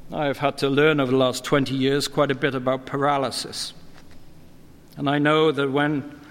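A middle-aged pastor delivers a sermon in an earnest, expository way, his voice sitting a little high for a man. He lifts his pitch to stress key points. His words ring out with a long church reverb behind them.

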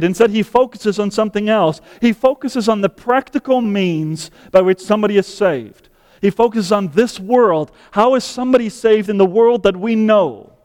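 A male pastor preaching a sermon in measured phrases, often asking rhetorical questions. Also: sits high, a little mellow, in a large hall.

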